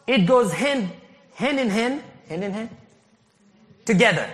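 A man from Haiti preaching a sermon as pastor, animated, laughing often and rising to shouts. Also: extremely high pitch, normal speed, pauses often. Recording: long hall reverb.

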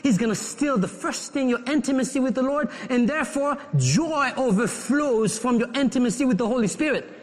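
A man preaching a sermon as pastor in a church, fervent and climbing into shouted pleas. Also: very high voice, long reverb tail.

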